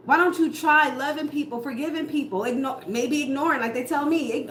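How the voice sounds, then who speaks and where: A woman's voice: high voice, moderate pace, hardly any pauses, a bit bright. Blunt, profane woman reading tarot cards. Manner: blunt, profane, ranting rhetorical questions. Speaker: tarot reader. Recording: echoey room with faint noise.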